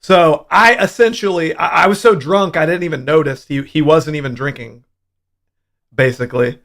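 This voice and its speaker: A young man hosting a casual livestream, telling a profane, animated story about his hangover. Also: fairly high pitch, normal speed. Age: young adult. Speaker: livestream host.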